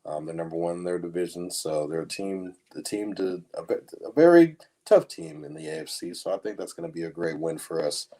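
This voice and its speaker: A man's voice: low voice, expressive, fairly quick, hardly any pauses, dark tone. A man co-hosting a casual sports podcast, talking in a sarcastic, mock-gloomy way and dropping "man" often. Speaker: podcast co-host.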